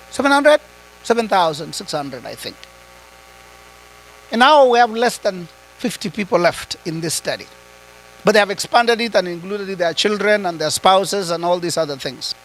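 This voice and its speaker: A man giving a high-voiced motivational talk. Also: a bit bright, low-quality recording. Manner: switches between English and Swahili, asks the audience rhetorical questions. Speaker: retreat speaker.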